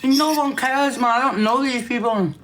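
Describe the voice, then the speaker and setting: A woman's voice: a little high, moderate pace, background noise. A middle-aged woman ranting on a livestream, brash and profane, calling everyone darling. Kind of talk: casual rant on a livestream.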